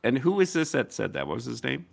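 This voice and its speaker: A man's voice: medium pitch, wildly swooping pitch, quick pace, creaky, husky, no echo. A man in a heated online panel discussion, arguing insistently and firing off rhetorical questions.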